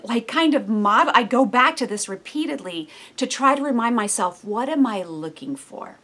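An earnest woman teaches from scripture in a chatty, conversational way. Her voice sits a little higher than most women's, and it lifts and quickens when she gets animated. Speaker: Bible teacher. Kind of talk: devotional Bible teaching.

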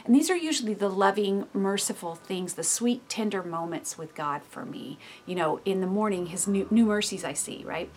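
A woman in her thirties giving a devotional teaching in a lively, expressive way, acting out inner voices and often dropping to soft, hushed tones. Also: mid-range voice, moderate pace, few pauses, husky. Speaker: speaker giving a devotional talk.

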